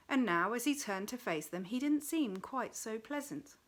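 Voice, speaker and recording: Woman, storybook reader, expressive, slightly high voice. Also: normal speed, few pauses. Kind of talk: reading a novel aloud.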